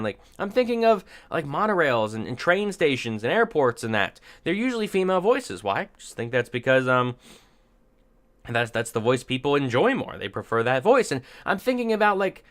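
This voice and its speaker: A man's voice: a little high, very animated, fairly quick, a bit bright. A man giving unscripted opinion commentary, thinking aloud in rambling sentences with many restarts and dry, sarcastic asides. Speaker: commentary vlogger.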